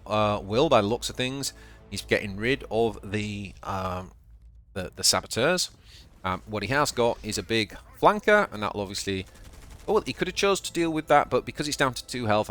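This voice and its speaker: A man's voice: mid-range voice, sharp tone. A man with a Yorkshire accent giving casual, chatty commentary on his own card game as he plays, thinking aloud and often stumbling over and repeating words. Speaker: channel host and card game player.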